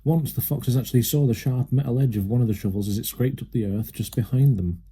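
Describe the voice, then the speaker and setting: A man narrating a children's storybook aloud with a steady, lively manner. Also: medium pitch, fast, slightly rough. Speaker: reader.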